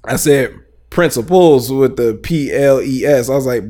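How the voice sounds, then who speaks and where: Podcast co-host, male, mid-pitched, animated and laughing, acts out quotes in casual banter. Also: measured pace. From Nebraska. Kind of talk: casual chat.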